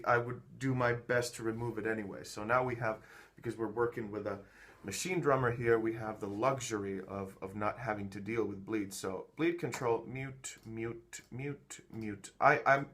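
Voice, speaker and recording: A music producer gives a casual how-to walkthrough of his own workflow, thinking aloud with many fillers and restarts, all recorded on a phone. His voice is medium-pitched with a fairly bright tone.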